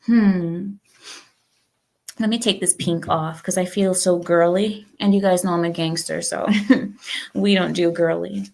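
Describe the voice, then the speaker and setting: A woman's voice: a little slow, creaky. A woman hosting a casual livestream, chatting to her viewers and acting out what others said. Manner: chatty, talks to viewers, acts out quotes with lively pitch. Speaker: livestream host.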